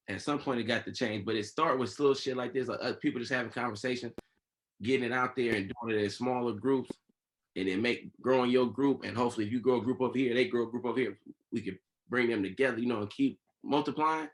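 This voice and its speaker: A man hosting a podcast in casual chat, laid-back and slangy, thinking out loud as he goes. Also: medium pitch, a little fast, low-quality recording. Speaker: podcast host.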